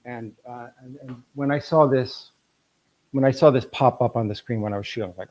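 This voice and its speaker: A man's voice: medium pitch, fairly quick, darkish tone, poor audio. A middle-aged man presenting his photographs at an artist talk, telling anecdotes in a rambling way with frequent restarts.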